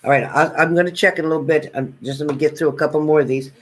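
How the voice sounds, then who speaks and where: A man's voice: on the high side, fairly even intonation, racing, rough recording. A man doing a live tarot reading, chatting and reassuring viewers by name as he goes. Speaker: tarot reader.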